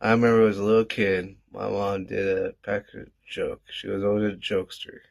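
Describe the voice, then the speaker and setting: A man's voice: on the low side, little pitch movement, fairly quick, creaky. Rambling man from Iowa telling stories. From Iowa, USA. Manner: rambling, swears casually, drifts soft and quiet. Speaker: vlogger. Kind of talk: casual storytelling monologue.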